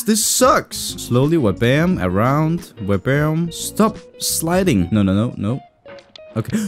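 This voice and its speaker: A young man commentating his own gameplay, getting frustrated and cursing often with sudden excited outbursts. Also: mid-range voice. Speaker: gaming video host. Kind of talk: let's play commentary.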